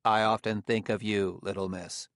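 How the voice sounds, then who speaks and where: A man reading a loyal robot servant who speaks in a low, calm and deferential way. The voice is gravelly and dry in this audiobook. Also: normal speed, no echo.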